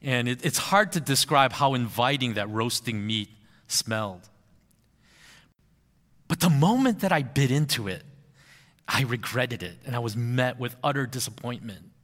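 A man, a pastor, preaching a sermon, who slows right down and draws out key phrases for emphasis. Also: medium pitch, lively intonation, fairly bright tone, big-room sound.

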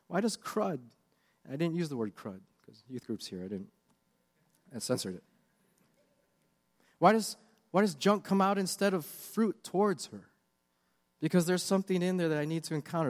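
A man's voice: high voice, long reverb tail. A man preaching a sermon with earnest, confessional questions. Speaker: pastor.

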